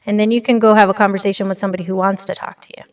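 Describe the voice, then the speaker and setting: Racing through her words in a mid-range voice that barely shifts in pitch, a woman hosts a casual stream. She reads news aloud and responds to her chat in a blunt, chatty manner, and the audio sounds a little distant with light reverb.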